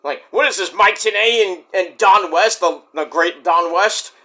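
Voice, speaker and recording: A man ranting casually as a wrestling vlogger, rambling and animated, breaking into sudden shouts. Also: high-pitched, a little slow.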